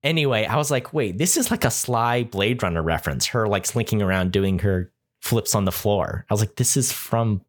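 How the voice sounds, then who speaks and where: A man's voice: fairly low pitch, normal speed. A man co-hosting a casual movie chat, enthusiastic and rambling with lots of fillers. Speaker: podcast co-host.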